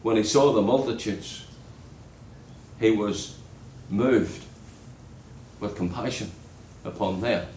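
A man preaching a sermon in an earnest way, dropping low and soft on key words. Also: slow, long pauses, roomy sound, slight background noise, rough recording.

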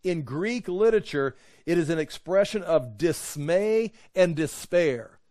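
A man's voice: a little high, animated, a little slow, warm tone, no room sound, clean studio sound. A man teaching a Bible study, walking through verses and Greek words and acting out quoted voices and rhetorical questions.

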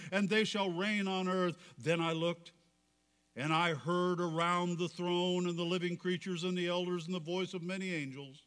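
A man's voice: high voice, sharp tone, in a large hall. A man preaching a sermon, reading scripture aloud with rising fervor. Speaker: pastor.

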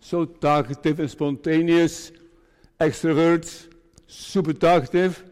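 A man's voice: a little high, fairly even intonation, slow, darkish tone, smooth. A man, preaching a farewell sermon as a pastor, earnest and repeating phrases for emphasis. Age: 60s. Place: church sanctuary. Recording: long church reverb.

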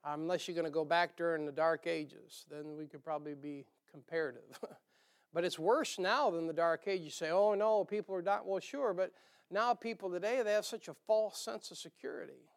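A man's voice: fairly high pitch, moderate pace, vocal fry. A man with a northern US accent preaching a sermon in a church, in a folksy, rambling way with jokey asides and a nasal twang. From northern United States.

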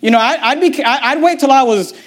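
A man with a high, light voice preaches a sermon in a church. He talks emphatically, mocks with wry asides and often stumbles and repeats words as he presses his point. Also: fairly quick, a bit bright. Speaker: pastor.

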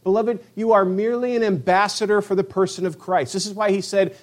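This middle-aged pastor's sermon comes in a high-pitched voice, fairly quick, with fairly even intonation. He preaches passionately, performing quoted voices and alternating loud declarations with hushed asides.

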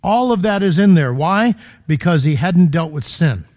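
A man's voice: on the high side, expressive, normal speed, a little mellow. A man preaching a sermon in a conversational, emphatic way, full of rhetorical questions, in a church.

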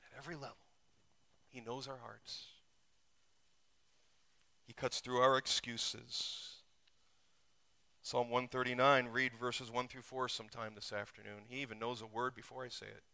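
Bright-voiced man preaching with rising intensity. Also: flat delivery, moderate pace, vocal fry, pauses often. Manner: preaching with sudden surges in pitch and volume. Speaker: pastor. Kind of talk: sermon. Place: church.

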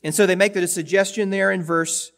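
A man's voice: high-pitched, fairly even intonation, brisk, gravelly, a bit bright. A man preaching a sermon in a conversational way, repeating words and turning to the congregation with asides. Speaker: pastor. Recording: long hall reverb.

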